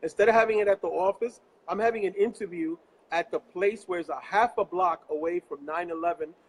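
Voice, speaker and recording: A man from New York hosts a live interview show. His voice sits high for a man. He speaks earnestly, with a preacher's conviction, from a location away from his office. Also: fairly quick, a little hiss or hum, poor audio. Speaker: host.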